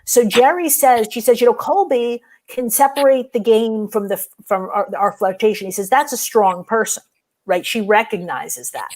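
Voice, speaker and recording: A woman's voice: a little high, a little mellow. Chatty woman recapping an episode. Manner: chatty recapping, quick self-corrections. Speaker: podcast co-host. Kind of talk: casual chat.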